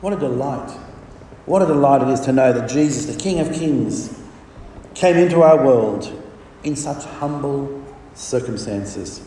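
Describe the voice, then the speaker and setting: A man's voice: mid-range voice, expressive, measured pace, dark tone, slight background noise. A man preaching a sermon with emphatic delivery and rhetorical questions. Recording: echoey hall from far off.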